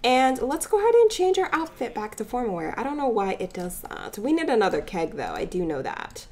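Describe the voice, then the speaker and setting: A female let's-play gamer gives casual, playful commentary over a life-sim game, chatting away and voicing the characters' chatter. Her voice is fairly high-pitched, very animated, a little fast, and slightly mellow.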